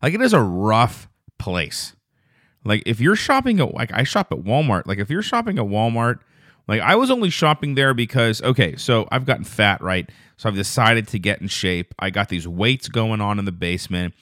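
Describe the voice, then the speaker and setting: A man with a lowish voice talks alone into a dry, close mic, unspooling a long, profane anecdote. He drifts and restarts, then jumps up in pitch and speed whenever something outrages him. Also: big pitch swings, no room sound. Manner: rambling, profane storytelling; grows loud and fast when indignant. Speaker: podcast host. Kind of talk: casual solo podcast monologue.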